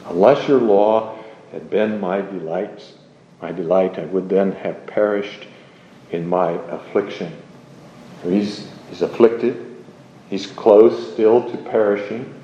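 A man preaching a sermon in a slow, measured, emphatic way, explaining a psalm verse by verse. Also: lowish voice, dark tone, a little hiss or hum. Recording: muffled, roomy recording.

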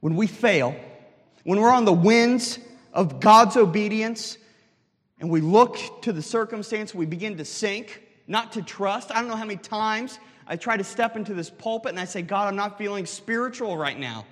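A man's voice: sits high, moderate pace, in a large hall. A man, a pastor, preaching a sermon earnestly and asking the congregation rhetorical questions.

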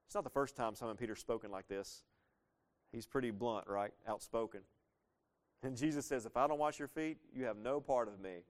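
Male pastor, mid-pitched voice, animated conversational sermon delivery. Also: normal speed. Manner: animated, asks the congregation questions, acts out quoted lines.

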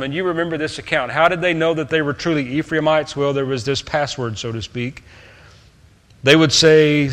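A man preaching a sermon, swinging between loud, stressed points and quiet asides. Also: fairly high pitch, fairly even intonation, moderate pace, in a large hall.

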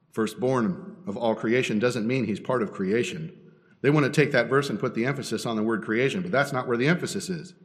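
Preaching man in a reverberant hall. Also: medium pitch. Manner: teaching, asks rhetorical questions, builds in emphasis. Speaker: pastor. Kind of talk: sermon.

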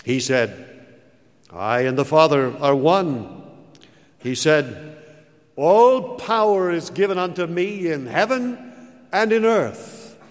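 A man preaching a sermon, slow and emphatic, with big dramatic rises and falls in his voice. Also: on the high side, expressive. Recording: long hall reverb.

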